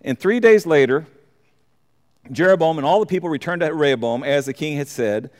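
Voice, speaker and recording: A man's voice: on the high side, a little fast. A man teaching a verse-by-verse Bible study, reading scripture aloud and commenting on it. He often stumbles and repeats words. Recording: long hall reverb.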